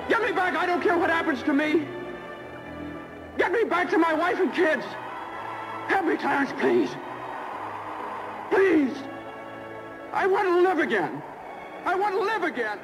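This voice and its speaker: An actor playing a desperate man who shouts and pleads to be given his life back, in an old film scene with music behind. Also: extremely high pitch, full character voice. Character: desperate man on a bridge, begging to live. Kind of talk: classic film drama. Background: film score music.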